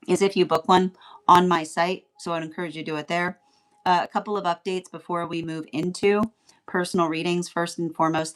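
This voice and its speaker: A woman tarot reader talking through a casual reading in a fairly low voice. She rambles, circles back on her words and keeps checking in with "right?" while laughing now and then.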